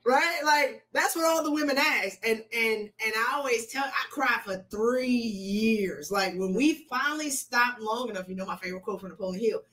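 A woman's voice: fairly high pitch, normal speed, few pauses, fairly bright tone. A woman coach hosting an interview, speaking earnestly and repeating key lines for emphasis in a motivational way. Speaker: coach and host.

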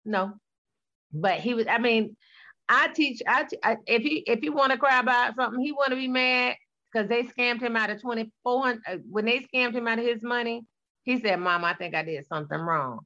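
A woman in her forties, guesting in a casual conversation, tells blunt, colloquial stories about her sons with plenty of sass. Her voice is on the high side, pushed and bright, at a moderate pace, though the audio sounds dull.

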